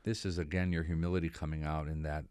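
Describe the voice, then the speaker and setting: A man's voice: extremely low pitch, level tone, fast, a little mellow, clean tone, no echo, studio quality. A male podcast host asking long reflective questions and affirming his guest. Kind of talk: interview conversation. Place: podcast studio.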